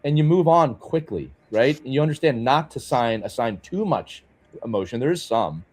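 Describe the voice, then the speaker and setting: A man co-hosts a podcast in an easy, conversational way. His pitch moves up and down a lot, and he chuckles between thoughts. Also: animated, normal speed, darkish tone. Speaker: podcast co-host. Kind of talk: podcast interview.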